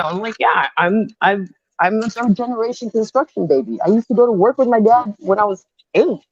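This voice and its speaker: Woman in her fifties, construction boss, lively storytelling, mid-pitched voice, earbud mic, muffled dry sound. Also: fairly quick, no echo. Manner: animated storytelling, mixing in Spanish phrases. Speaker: construction superintendent guest. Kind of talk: casual chat. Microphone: earbuds on a remote call.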